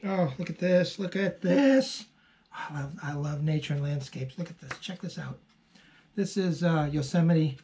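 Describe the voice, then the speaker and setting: A postcard seller who sells online hosts a laid-back unboxing video, chatting and gushing over each card with lots of filler words. Her voice is mid-range, expressive and warm, moving at a measured pace.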